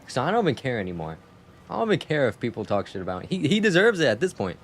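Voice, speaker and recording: A young man streaming a game live, chatting in a casual, animated way with lots of slang as he rants. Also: mid-range voice, racing, a little hiss or hum. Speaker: gaming streamer. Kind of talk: live gameplay commentary.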